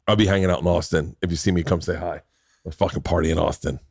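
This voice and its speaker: A man's voice: low voice, fairly even intonation, fast, creaky, darkish tone, no room sound, studio quality. A middle-aged man hosting a casual podcast chat, rambling and swearing freely, talking over others. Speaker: podcast host.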